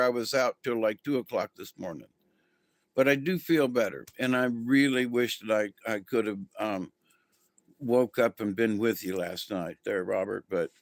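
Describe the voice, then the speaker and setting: A man's voice: mid-range voice, no echo. A man hosting a casual spiritual livestream, talking to viewers in a rambling, easygoing way with many ums and restarts. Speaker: spiritual channel host.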